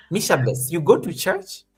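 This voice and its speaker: A man's voice: high-pitched, gravelly, a bit bright, breathy edge. A man co-hosting a casual live-stream chat, reading out viewers' names and thanking members. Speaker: co-host.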